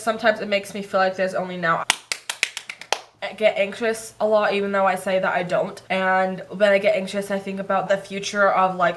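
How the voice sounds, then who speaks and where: Young adult woman, music reaction vlogger, casual candid chat, swears freely, medium pitch. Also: fairly even intonation, brisk, fairly bright tone. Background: faint music.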